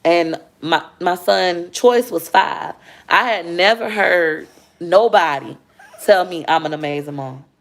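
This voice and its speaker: A woman speaks candidly to her livestream viewers about motherhood. Her voice sits low with a gravelly fry. She talks with heartfelt openness and calls the audience y'all. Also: takes it slowly. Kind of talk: emotional personal storytelling on a livestream.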